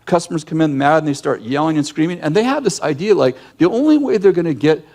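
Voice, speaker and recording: Animated man giving a conversational sermon. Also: fairly high pitch, fast talker. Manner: animated storyteller who acts out yelling scenes; direct and emphatic, with frequent restarts. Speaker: ministry leader and teacher.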